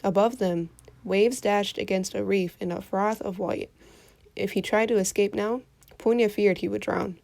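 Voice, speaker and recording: A woman reading a folktale aloud for children in an expressive storytelling voice. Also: medium pitch, normal speed, gravelly.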